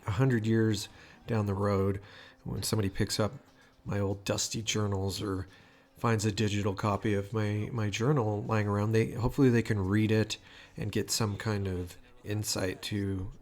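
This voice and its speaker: A man's voice: on the low side, little pitch movement, normal speed, darkish tone. A man talking casually into a home microphone for his audio vlog, rambling with lots of fillers, restarts and swearing. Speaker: vlogger. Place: home room. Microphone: new microphone at home.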